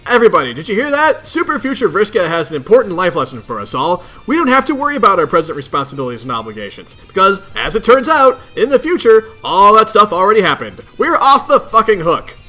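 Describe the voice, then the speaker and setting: Bright, animated, cursing young troll leader, voiced by a man, gruff, faint music under him. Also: high-pitched, fast talker, hardly any pauses, voice pushed up, exaggerated voice. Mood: sarcastic. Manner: gruff, exasperated ranting with heavy swearing. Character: cranky teenage male troll leader, foul-mouthed.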